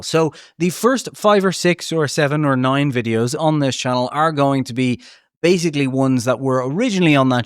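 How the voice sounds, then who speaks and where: A man's voice: mid-range voice, dry recording. Guy rambling through a car history podcast, dry close sound, joking at himself, lots of ums. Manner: rambling and self-deprecating, many fillers. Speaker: podcast host. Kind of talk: casual solo history podcast. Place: small home studio.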